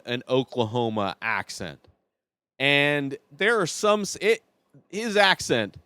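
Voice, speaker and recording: A man's voice: mid-range voice, a bit bright, clear, resonant tone, no room sound. A man hosting a podcast, chatting casually and giving his opinions as he reviews a TV series. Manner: chatty and opinionated, thinking aloud.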